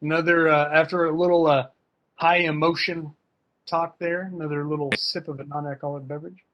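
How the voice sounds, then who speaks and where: Fencing coach guy on a video call, slightly higher voice, talks loose and punchy. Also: level tone, a little fast, fairly bright tone. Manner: casual, emphatic, slangy. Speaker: fencing coach and guest speaker. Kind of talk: online workshop talk.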